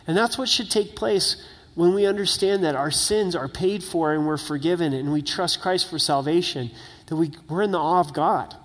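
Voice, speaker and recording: A man's voice: fairly high pitch, normal speed, in a large hall. A middle-aged man preaching a sermon as pastor, talking in an earnest, conversational way with frequent tag questions.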